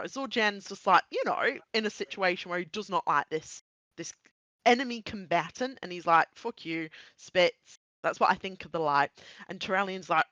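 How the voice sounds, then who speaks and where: Animated, bright-voiced woman chatting. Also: fairly low pitch, no room sound. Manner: animated, quick to laugh and swear. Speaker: podcast co-host. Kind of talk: casual chat.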